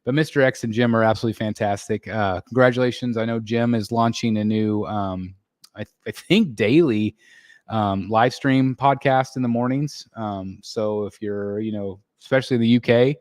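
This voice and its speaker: A man from the United States hosting a casual live stream, reading out chat and chatting in a relaxed way full of fillers and restarts. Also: fairly low pitch, moderate pace, no echo, clean studio sound. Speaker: livestream host reading chat. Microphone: desk microphone.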